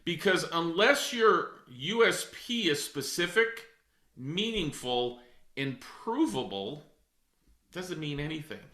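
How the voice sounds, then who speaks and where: A man's voice: on the high side, sing-song, slow pace, sharp tone. Emphatic man coaching in an echoey room. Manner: direct, emphatic, addresses listeners as folks. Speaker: real estate coach. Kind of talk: coaching talk.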